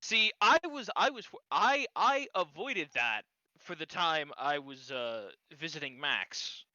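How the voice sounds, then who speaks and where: A man co-hosting a comedy stream, sounding exasperated, with quick lively asides. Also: a little high, no echo, dull audio. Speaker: co-host. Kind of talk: casual chat.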